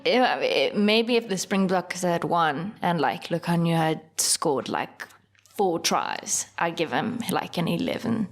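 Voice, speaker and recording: A young woman from South Africa co-hosts a casual podcast in a fairly low voice. She teases her co-host, laughs a lot and fills her sentences with "like". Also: lively intonation, a little slow. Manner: teasing, laughs often, lots of "like" fillers. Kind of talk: casual chat.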